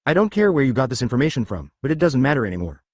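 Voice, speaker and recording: A synthetic male reader voicing a cold, cocky male ninja who hides his identity, read in an even manner. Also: medium pitch, very fast, no room sound, clean studio sound.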